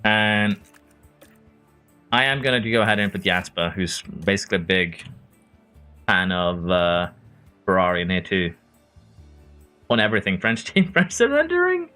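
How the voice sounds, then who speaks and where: This Norwegian man speaks in a deep, clear, resonant voice that sounds pushed and bright, going a little slowly and pausing often. He's a game streamer giving casual commentary on a racing management game, reading chat, answering viewers by name and chuckling a lot. Soft music plays behind him.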